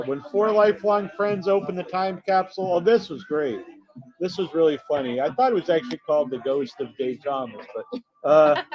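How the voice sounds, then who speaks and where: Man co-host, slightly high voice, halting recaps, dull lo-fi bar recording. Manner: halting, many fillers and restarts while recalling films. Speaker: co-host reviewing festival films. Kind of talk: casual chat. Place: bar or restaurant. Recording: dull lo-fi sound in a noisy bar.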